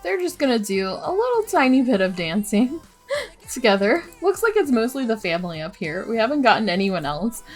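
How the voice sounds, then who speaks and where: A woman's voice: on the high side, sing-song, moderate pace, soft background music. Chatty young woman narrating gameplay. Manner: chatty, giggly, narrates drama with dismay. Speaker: let's play host. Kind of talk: casual gameplay commentary.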